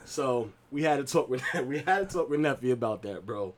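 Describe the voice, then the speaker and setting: Animated young New man. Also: mid-range voice, a little fast, slight background noise. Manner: animated storytelling, acts out voices of family. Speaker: podcast co-host. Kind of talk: casual chat.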